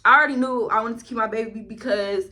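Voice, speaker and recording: A woman's voice: fairly high pitch, steady tone, fast, bright, forceful tone. A young woman, telling a casual, profane storytime to camera at home. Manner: chatty, profane, slangy. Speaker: vlogger. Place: home, in front of a ring light.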